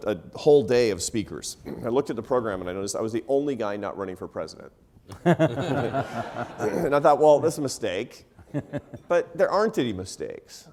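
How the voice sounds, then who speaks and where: Animated middle-aged American man storytelling. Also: medium pitch. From United States. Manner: animated, laughing often, self-deprecating asides. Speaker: panelist. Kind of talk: storytelling talk on stage. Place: event hall before a live audience.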